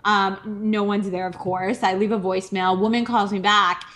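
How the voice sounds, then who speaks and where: A woman's voice: medium pitch, flat delivery, moderate pace, fairly bright tone. A woman in her thirties from Minnesota, telling her startup story as a speaker in a candid, conversational way, with self-deprecating humor and many fillers. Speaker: entrepreneur speaker. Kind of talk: personal story talk. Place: live virtual speaker broadcast.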